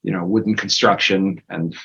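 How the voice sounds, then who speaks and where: A man's voice: sits low, fairly even intonation, normal speed, gravelly, a bit bright. Rambling male game master. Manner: rambling, hesitant with many fillers. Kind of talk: narrating a tabletop game. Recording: dull lo-fi recording.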